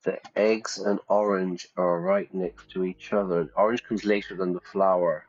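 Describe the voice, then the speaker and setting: A male English teacher on a live stream, explaining words in a lively way and thinking out loud as he plays a game. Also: deep voice, a little slow. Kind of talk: live-stream lesson while playing a game. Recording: slightly dull, faint music.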